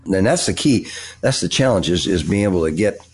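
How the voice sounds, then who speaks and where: An older man with a very deep voice answers interview questions. He speaks haltingly, restarting phrases and filling pauses. He sounds like a seasoned business guest explaining strategy. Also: expressive, breathy edge. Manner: halting, many restarts and fillers. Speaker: guest, tech executive and author.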